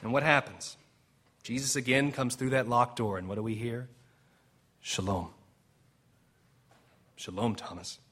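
Bright-voiced male pastor preaching a sermon. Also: medium pitch. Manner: animated, emphatic, with dramatic quoted lines and pauses; jokes with the congregation.

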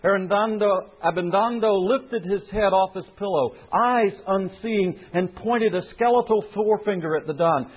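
A male preacher gives an earnest, emphatic sermon in a slightly high voice. His tone is husky, and the recording is tinny and phone-like. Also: normal speed, few pauses.

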